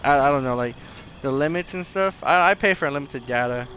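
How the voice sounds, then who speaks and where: A man's voice: mid-range voice, brisk, a bit bright, a little hiss or hum. A young man chatting casually on a podcast, rambling with lots of "like" and "right?", acting out the people in his stories. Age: young adult. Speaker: podcast co-host. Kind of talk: casual chat.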